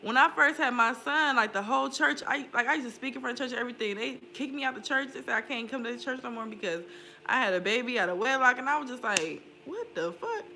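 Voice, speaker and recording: A woman's voice: fairly high pitch, quick pace, bright, forceful tone, slight background noise. A young woman talking candidly in a casual vlog, swearing freely and laughing often. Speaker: spiritual vlogger. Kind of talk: casual confessional chat.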